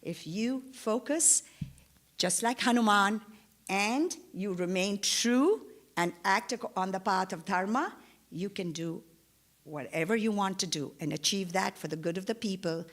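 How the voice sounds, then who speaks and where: A woman telling a religious story in a sermon, animated and conversational, with many asides. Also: mid-range voice, unhurried. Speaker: guest speaker. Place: church.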